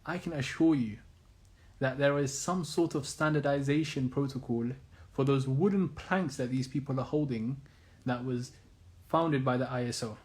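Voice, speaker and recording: A man's voice: medium pitch, normal speed, darkish tone. A man giving an earnest monologue as an Islamic commentator, insistent and repeating phrases and rhetorical questions.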